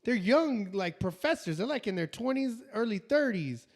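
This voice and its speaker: A man's voice: high voice, moderate pace. A man in his forties chatting on a podcast, telling a story with lots of laughter and acted-out quotes. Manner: animated storyteller, acts out quotes, laughs often. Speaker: podcast co-host. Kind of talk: casual chat.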